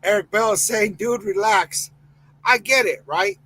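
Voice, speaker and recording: A man's voice: sits high, a little slow, bright, forceful tone, breathy edge, low-quality recording. A man hosting a live sports podcast, ranting heatedly and reading chat comments aloud. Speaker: podcast host.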